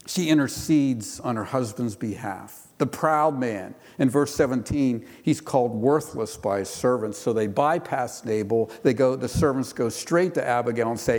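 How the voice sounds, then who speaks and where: A man's voice: medium pitch, darkish tone. A middle-aged male pastor giving a sermon, reading scripture and then explaining it in a conversational way. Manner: reads scripture then explains it conversationally, with playful voices for quotes. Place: church. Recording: long hall reverb.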